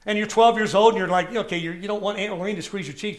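A man preaching a sermon to a church congregation, telling personal stories with lively call-outs to the listeners. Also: high voice, quick pace, crowd noise. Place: church service before a congregation.

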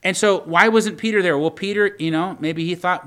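Male preacher, slightly high voice, folksy conversational sermon with restarts and scripture readings. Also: normal speed, a bit bright. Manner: conversational, repeats words, reads old scripture aloud.

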